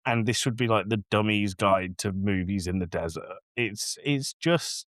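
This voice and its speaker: A man's voice: on the low side, measured pace, fairly bright tone, dry recording, clean studio sound. A man co-hosting a podcast, ranting in a casual, exasperated way and acting out scenes. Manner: exasperated, ranting, acts out lines from the film. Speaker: podcast co-host. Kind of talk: casual film review chat.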